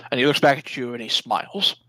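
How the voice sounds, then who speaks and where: A man narrating a tabletop game as game master, calm and descriptive. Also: mid-range voice, fast, rough recording.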